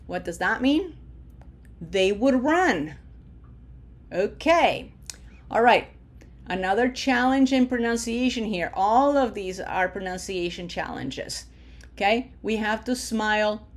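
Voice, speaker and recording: Slow, patient woman teaching a language. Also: mid-range voice. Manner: slow, drawn-out modeling of words, then quick asides. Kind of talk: spoken language lesson.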